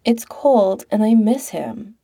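A woman's voice: medium pitch, animated, slow pace, mellow, breathy edge, no room sound, studio quality, voice pushed up, exaggerated voice. A woman voicing a moping young man who whines and clings to his best friend. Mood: mournful. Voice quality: whiny.

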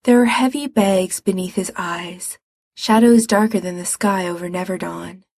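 A woman reading fiction aloud in a calm, measured way. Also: fairly low pitch, breathy edge, no echo, studio quality. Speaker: reader.

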